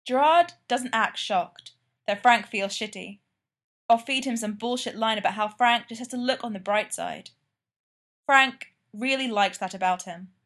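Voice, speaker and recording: A woman's voice: on the high side, measured pace, fairly bright tone. Woman reading a story aloud. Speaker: reader. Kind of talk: fan fiction read aloud.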